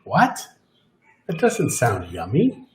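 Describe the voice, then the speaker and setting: A man co-hosting a casual live-stream chat, joking and teasing through relaxed banter. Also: mid-range voice, slow, roomy sound. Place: home in Mexico.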